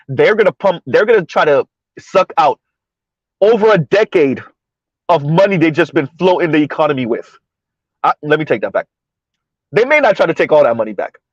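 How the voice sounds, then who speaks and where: Behind the wheel as he drives through floodwater, a South Florida vlogger with a fairly high voice gives his viewers casual, chatty commentary, repeating his points and laughing often between them. The recording is dry and close, with a dull, muffled lo-fi edge.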